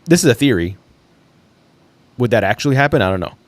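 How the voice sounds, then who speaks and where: Talking fast and animated in a mid-range voice with no room sound, a young man runs a laid-back solo livestream. His thinking-aloud style rambles, dotted with fillers and an occasional laugh.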